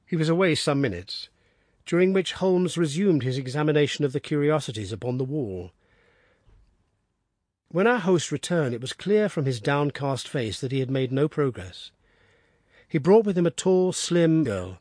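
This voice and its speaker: A man narrating an audiobook in a steady, descriptive storytelling manner. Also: a little high, normal speed, no echo, clean studio sound.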